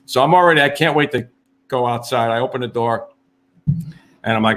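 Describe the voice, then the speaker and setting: A man's voice: medium pitch, a little fast, fairly bright tone. Brief: New firefighter co-host, man, loose rambling story delivery. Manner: rambling, laughs mid-story, acts out quotes. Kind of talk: casual chat, storytelling.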